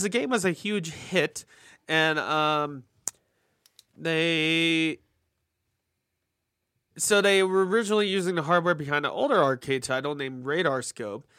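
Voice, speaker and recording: A man co-hosting a casual podcast, joking around and reading out fun facts in quick bursts. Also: fairly high pitch, pushed and bright, no echo, clean studio sound. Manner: jokey, reads facts quickly. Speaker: podcast co-host.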